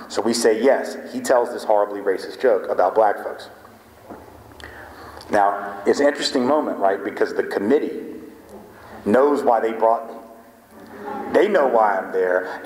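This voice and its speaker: A man's voice: medium pitch, moderate pace, noisy background. A man giving a talk to a live audience, telling a story animatedly, acting out bits of dialogue and often checking in with "right?". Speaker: guest speaker. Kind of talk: storytelling lecture. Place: lecture hall. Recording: echoey hall with long reverb.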